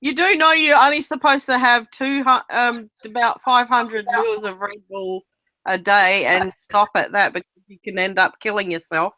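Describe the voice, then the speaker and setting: A woman's voice: a little high, fairly even intonation, moderate pace, sharp tone, dry recording, low-quality recording. A woman in a casual online voice chat, repeating and relaying what others say and laughing easily. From Australia. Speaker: group voice-chat participant, relays others' words.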